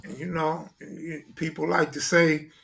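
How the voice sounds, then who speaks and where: A man's voice: a little high, flat delivery, measured pace, gravelly, fairly bright tone, slight background noise. A man co-hosting a casual live-stream talk show, speaking in loose street slang and often asking "you know what I'm saying.". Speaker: co-host. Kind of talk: casual chat.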